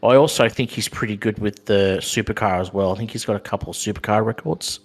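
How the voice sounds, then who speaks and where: An Australian man co-hosting a casual podcast chat, speaking haltingly with many ums and restarts. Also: lowish voice. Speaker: podcast co-host.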